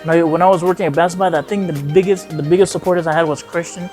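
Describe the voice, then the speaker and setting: A man's voice: fairly high pitch, steady tone, fast talker, a little mellow, soft background music. A young man from Afghanistan casually telling a long personal story in a vlog, rambling and acting out the dialogue with lots of "he like" and "I'm like". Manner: rambling, acts out quoted dialogue, frequent "he like". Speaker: vlogger.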